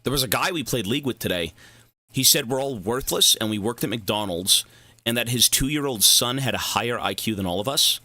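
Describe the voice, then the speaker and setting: A young man streams a game and rambles through casual, profane tangents. His voice is very bright and swings widely in pitch. The sound is dry and close, with no room echo. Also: animated, a little fast. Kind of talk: casual livestream chat.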